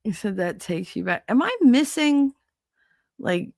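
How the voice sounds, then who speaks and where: A middle-aged woman with a New York accent, hosting a podcast and telling a casual story, animated and blunt, laughing often and acting out what people said. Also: medium pitch, a little slow, creaky, dry recording, clean studio sound. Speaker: podcast host.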